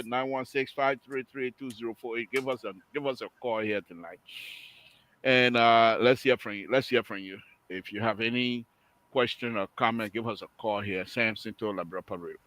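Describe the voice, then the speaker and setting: A man hosting a call-in radio show, teasing and animated, laughing often. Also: mid-range voice. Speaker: radio talk show host. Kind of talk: casual call-in radio banter. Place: radio studio.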